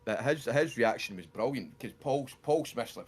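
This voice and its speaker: A man's voice: medium pitch, moderate pace, hardly any pauses, slightly rough. Swearing man telling stories. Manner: animated storyteller, swears freely, laughs while retelling jokes. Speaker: streamer. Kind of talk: casual chat over a game livestream.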